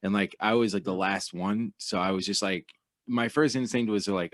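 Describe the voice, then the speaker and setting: A man in his late thirties telling a crash story in a halting, casual way with many restarts. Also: fairly low pitch, fairly even intonation, no room sound, studio quality. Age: late 30s. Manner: halting, restarts, trails off quietly.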